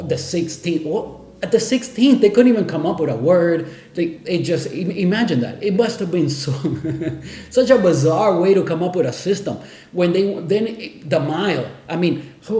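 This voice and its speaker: A man's voice: fairly high pitch, dark tone, reverberant. A man hosting a coffee video, telling a rambling story with many fillers and laughs. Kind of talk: casual storytelling.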